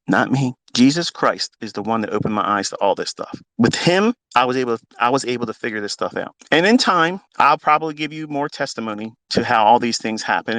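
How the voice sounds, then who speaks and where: A middle-aged man, a trading mentor, giving a blunt, swearing, preachy rant into a phone, with big swings in pitch and pace. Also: sharp tone, no room sound, poor audio. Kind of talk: unscripted motivational rant.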